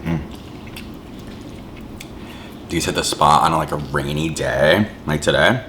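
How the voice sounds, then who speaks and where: He's a mukbang vlogger with a very deep voice who speaks slowly, and there's background noise in the clip. Eating as he goes, he rambles casually to viewers, overusing "like" and humming between bites as he chews.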